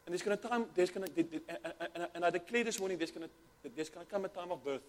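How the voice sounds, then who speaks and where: A man's voice: high-pitched, fast talker. A man preaching a sermon with fervent, repetitive delivery, often restarting his words. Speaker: pastor.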